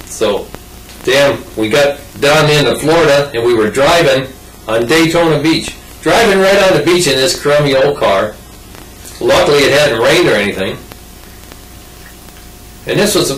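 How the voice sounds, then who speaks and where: A man's voice: medium pitch, fairly bright tone, distant mic. Older guy rambling thru an old story, folksy, roomy sound from off mic, faint hiss behind. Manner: rambling, folksy, with restarts and asides. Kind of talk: casual oral history.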